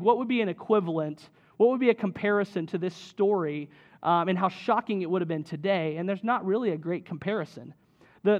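High-voiced man preaching a casual sermon. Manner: conversational, with many fillers and tag questions. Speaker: pastor.

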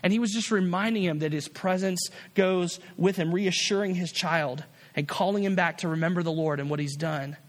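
A man's voice: sits high, normal speed, long reverb tail. A man preaching a sermon as a pastor, earnest and repetitive, often restarting his phrases.

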